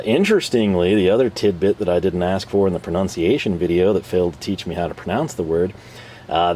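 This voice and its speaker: A man's voice: deep voice, dark tone, slight background noise. A man casually reviewing tools for his channel, rambling and self-deprecating with frequent chuckles. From North America. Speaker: tool reviewer and channel host.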